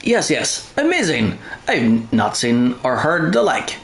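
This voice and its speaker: A man voicing an excitable, pompous old male creature collector, reading game dialogue aloud in a theatrical, gushing manner. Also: mid-range voice, takes it slowly, slight background noise, heavily acted. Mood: excited. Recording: roomy echo.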